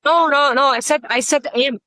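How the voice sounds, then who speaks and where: A woman's voice: sits high, moderate pace, bright, forceful tone, no room sound, clean studio sound. A woman taking part as student and co-host in a casual pronunciation lesson, answering briefly and hesitantly, a little self-mocking.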